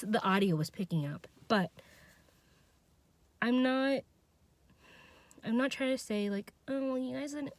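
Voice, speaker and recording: A young woman talks through her frustration in an unscripted personal vlog. She halts, restarts and trails off, then laughs at herself. Her voice sits at a middling pitch for a woman. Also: no echo. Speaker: vlogger.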